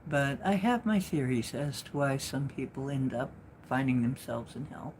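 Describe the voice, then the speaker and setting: A woman's voice: a bass voice, moderate pace, darkish tone, slight background noise. A woman hosting a live stream, chatting casually with her viewers and telling a rambling personal story full of restarts and asides. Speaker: livestream host and spiritual speaker.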